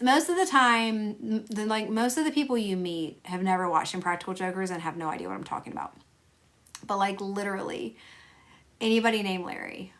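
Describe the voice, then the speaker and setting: A young woman hosting a casual livestream, chatty and rambling, laughing often and talking to her viewers by name. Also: medium pitch. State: tired. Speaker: livestream host selling stickers and stationery.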